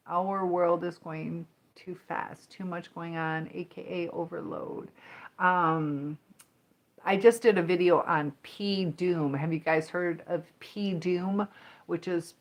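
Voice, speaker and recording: A woman with a slightly low voice hosts a relaxed livestream, chatting loosely and reading viewer comments out loud. She rambles from one story to the next in an easy, talkative way, like a teacher and coach who is at home on camera. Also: creaky. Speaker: livestream host.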